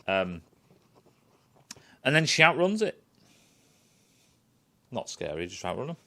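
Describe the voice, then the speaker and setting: A man's voice: mid-range voice, sing-song, takes it slowly, vocal fry, pushed and bright. A man ranting in a casual, sweary, sarcastic review. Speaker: film and TV reviewer.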